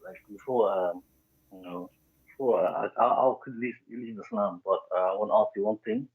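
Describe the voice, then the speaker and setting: Hesitant husky male caller on a phone line. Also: fairly low pitch. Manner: hesitant, halting, many fillers. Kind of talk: phone call.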